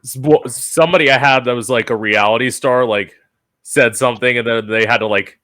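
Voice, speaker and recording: A man's voice: mid-range voice, a little fast. A man hosting a casual podcast, telling frank stories and acting out quoted lines. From United States. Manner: animated storyteller, acts out quotes, frank. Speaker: podcast host. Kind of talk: casual chat.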